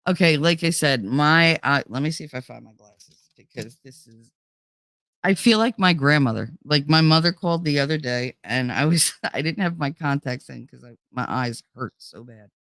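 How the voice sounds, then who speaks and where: Gravelly, blunt-talking woman streamer. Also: sits low, animated, normal speed, fairly bright tone, no room sound, clean studio sound. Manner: blunt and profane, laughs often. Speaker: livestream host. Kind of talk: casual chat, reading viewer chat.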